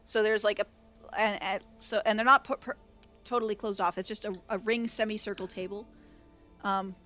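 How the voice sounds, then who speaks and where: A woman's voice: mid-range voice, fairly even intonation, normal speed, sharp tone. Rambling woman game master. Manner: rambling, self-correcting, laughing often. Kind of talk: narrating a tabletop game. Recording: faint background music.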